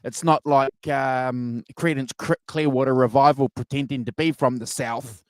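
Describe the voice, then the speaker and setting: A man's voice: medium pitch, fairly even intonation, normal speed, dry recording. A man hosts a casual music review chat over a video call, rambling and full of fillers and restarts. His voice sits in a middle range and sounds dry, with no room around it. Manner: rambling, filler-heavy, enthusiastic. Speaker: podcast co-host.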